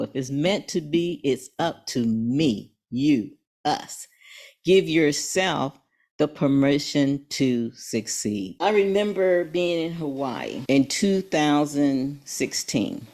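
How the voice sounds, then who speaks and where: An older woman in her seventies with a very low-pitched voice. She tells her story earnestly and hits key phrases hard, like a motivational guest on an interview show. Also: a little mellow. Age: 70s.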